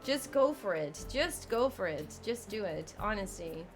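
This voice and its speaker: A woman's voice: mid-range voice, expressive, unhurried, faint music behind. A woman streaming a zoo-building game live, chatting, exclaiming in frustration, laughing and thanking viewers by name. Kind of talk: live gameplay stream chat.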